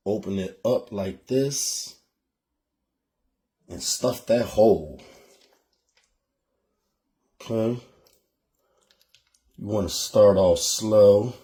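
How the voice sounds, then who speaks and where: A man's voice: fairly low pitch, extremely slow, long pauses, mellow. A man with a Philadelphia accent hosting a cooking show, talking viewers through a recipe in a chatty, casual way and calling them "y'all.". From Philadelphia, USA.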